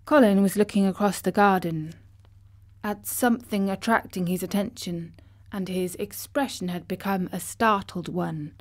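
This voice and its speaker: A woman narrating a children's classic audiobook in a gentle, measured way. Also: medium pitch, fairly even intonation. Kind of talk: storybook narration.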